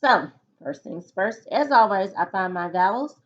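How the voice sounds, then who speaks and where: Slow, patient teacher sounding out syllables. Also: female voice, mid-range voice, animated, highs cut off. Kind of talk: recorded phonics lesson for children.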